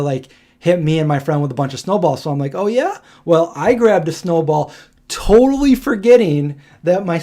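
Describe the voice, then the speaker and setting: A man hosts a casual live stream. His voice is fairly high for a man but mellow and relaxed, and he rambles through his stories with plenty of laughs.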